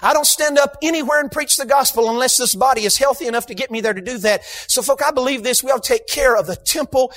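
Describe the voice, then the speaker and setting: High-voiced preacher, emphatic. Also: male voice, quick pace, hardly any pauses. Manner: emphatic, shouts for emphasis, humorous asides. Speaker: guest preacher. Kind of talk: sermon. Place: church sanctuary.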